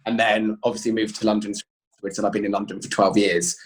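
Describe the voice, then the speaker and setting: A man from Cornwall chatting casually as a podcast guest, quick and self-deprecating. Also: fairly low pitch, level tone, low-quality recording. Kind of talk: casual chat.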